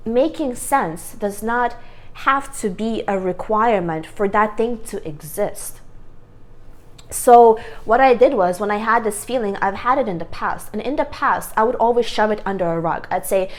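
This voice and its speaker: A woman's voice: a little high, normal speed. A woman with a worn, strained voice giving an earnest self-help talk to camera, stressing her points by repeating them. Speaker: vlogger.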